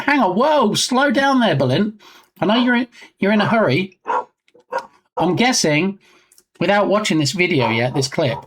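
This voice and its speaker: A live-stream host chatting casually and joking with viewers, reading out viewer names as they go. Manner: lively swings in pitch. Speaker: livestream host.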